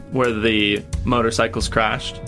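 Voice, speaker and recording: Gravelly guy playing a tabletop game, kinda sharp sounding. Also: on the low side, little pitch movement, slow pace, soft background music. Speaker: player. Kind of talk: casual tabletop play.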